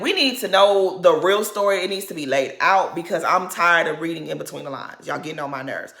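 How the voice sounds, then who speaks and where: A woman's voice: fairly low pitch, fairly bright tone, roomy sound. A woman giving a casual, opinionated recap of a reality show, bluntly acting out what the cast said.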